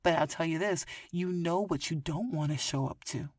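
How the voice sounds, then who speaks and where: A woman hosting a podcast, telling a story in casual chat, swearing and laughing often, swinging between loud and soft. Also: deep voice, moderate pace, dry recording. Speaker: podcast host.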